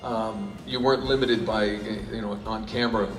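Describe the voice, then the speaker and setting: A man's voice: on the low side, fairly even intonation, normal speed, faint music behind. Rambling man in an echoey convention hall. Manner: rambling, self-interrupting, jokey. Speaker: panel guest voice actor. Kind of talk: convention panel Q&A answers. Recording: echoey hall recorded from far off.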